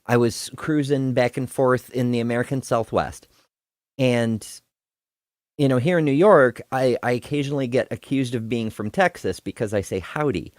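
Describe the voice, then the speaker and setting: A man's voice: mid-range voice, normal speed, no echo, clean studio sound. A man from the Northeastern US hosting a casual debate review chat, telling stories and laughing often. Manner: chatty, storytelling, laughs often. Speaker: host.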